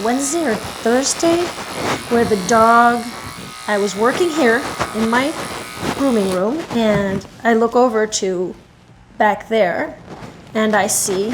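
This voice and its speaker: A woman's voice: on the high side, noisy background. Chatty woman groomer, clippers buzzing behind. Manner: rambling, self-correcting, soothes the dog in between. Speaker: dog groomer and video host. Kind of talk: casual storytelling while grooming. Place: home grooming room.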